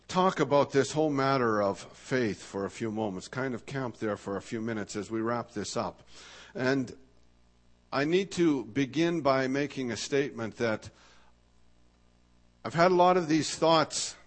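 A man preaching a sermon in a thoughtful, searching way, slowing down to stress key words and asking rhetorical questions. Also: mid-range voice, animated. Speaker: pastor.

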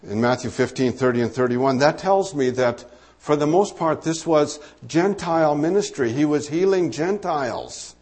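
A man's voice: on the high side, expressive, normal speed, a little mellow. A man preaching a sermon, teaching through a Bible passage in a conversational way, with asides and fillers.

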